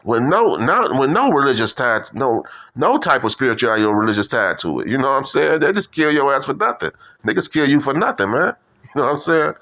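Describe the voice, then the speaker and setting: A man rambles on in a loose, profane monologue. He leans on street slang, repeats himself and keeps circling back. His voice sits at an ordinary middle pitch for a man. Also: sing-song, brisk, pushed and bright. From Detroit. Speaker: video commentator.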